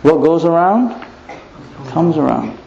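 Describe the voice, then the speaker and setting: A man giving an Islamic lecture, animated, asking rhetorical questions and tossing in playful asides. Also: fairly high pitch, slow, gravelly, a little hiss or hum. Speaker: preacher. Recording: echoey muffled room recording.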